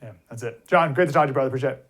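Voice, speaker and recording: A man guest hosting a talk radio show, jokey and lively. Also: mid-range voice, very fast.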